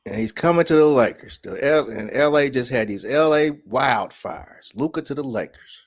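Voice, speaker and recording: A man's voice: mid-range voice, lively intonation, normal speed. A man hosting a vlog in a casual, preachy monologue, often checking in with the listener. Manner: preachy, keeps asking "right?". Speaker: vlog host.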